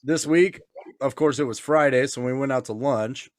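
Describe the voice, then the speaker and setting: This mid-range, moderately paced male voice belongs to a Nebraska podcast co-host in a loose, drunken chat. He laughs, gets crude and puts on goofy voices to quote others.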